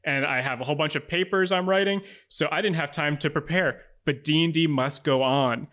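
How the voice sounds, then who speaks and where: Young male host, higher voice, easygoing intro. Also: a little fast, a bit bright. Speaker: podcast host. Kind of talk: casual podcast intro.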